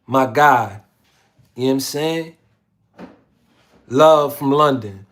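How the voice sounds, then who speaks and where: A man's voice: on the high side, measured pace, pauses often. A man hosting a casual livestream, reading viewer comments aloud in a slangy, laid-back way. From Philadelphia. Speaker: livestream host.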